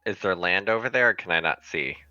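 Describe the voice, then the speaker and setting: A man's voice: low voice, lively intonation, a little fast, pushed and bright, clear, resonant tone, no room sound, lo-fi sound, soft background music. A man playing in a tabletop game, asking the game master hesitant rule questions. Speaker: player. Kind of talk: casual tabletop game talk.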